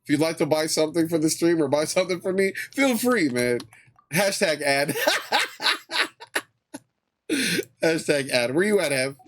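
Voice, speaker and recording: Laid-back, cursing stream host, slightly high voice. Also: male voice, fairly quick. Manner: relaxed, swears often, repeats phrases. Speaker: livestream host. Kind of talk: casual chat with viewers.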